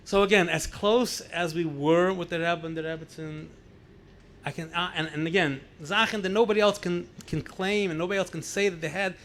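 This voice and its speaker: Pitched high and running a little fast, a rabbi in his sixties with a New York accent shares stories at a gathering. He animates the exchanges between characters and sprinkles in Yiddish expressions.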